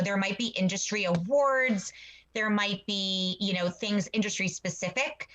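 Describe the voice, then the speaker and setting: A woman's voice: mid-range voice, fairly bright tone, low-quality recording. A woman co-hosting an interview podcast, effusive and rambling, full of asides, speaking over a video call. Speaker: podcast co-host. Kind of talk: casual interview chat.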